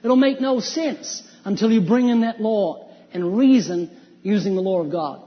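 A man's voice: high-pitched, normal speed. A man preaching an evangelistic sermon, emphatic and full of rhetorical questions. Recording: dull lo-fi sound with long hall reverb.

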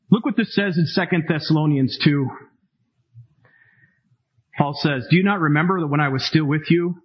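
Man in his 50s, sermon, high voice, husky, emphatic preaching, muffled radio sound. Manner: emphatic, animated preaching with dramatic asides. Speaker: pastor.

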